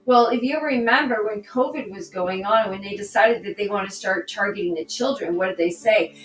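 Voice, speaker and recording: A woman, a political candidate on a podcast, talking through a personal story in an animated way and acting out the dialogue. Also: medium pitch, a little fast. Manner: animated, re-enacts dialogue in her stories. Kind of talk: conversational storytelling. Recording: echoey room, distant mic, faint music.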